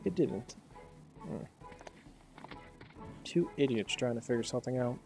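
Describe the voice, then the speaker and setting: A man's voice: medium pitch, lively intonation, unhurried, vocal fry, darkish tone, soft background music. A man giving casual, sarcastic commentary while playing a game. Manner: sarcastic, offhand, laughing asides. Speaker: let's play gamer.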